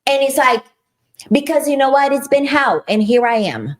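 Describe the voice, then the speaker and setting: A woman's voice: high voice, moderate pace. Emphatic Brazilian woman. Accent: Brazilian Portuguese. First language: Portuguese. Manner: animated, emphatic storytelling. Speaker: podcast co-host. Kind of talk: casual Christian podcast chat.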